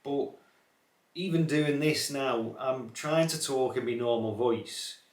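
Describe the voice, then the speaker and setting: A young car channel host from the Liverpool area of England, with a light, watered-down Scouse accent, chats reflectively and casually to camera. He rambles slowly in a mid-range voice with many fillers and restarts, recorded in an echoey room.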